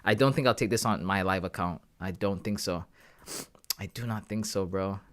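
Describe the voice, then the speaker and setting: A young man hosts a live trading stream in an easy, casual way. He thinks out loud and keeps talking straight to his chat, calling them guys and bro. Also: sits low, moderate pace, slight background noise. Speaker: trading livestream host.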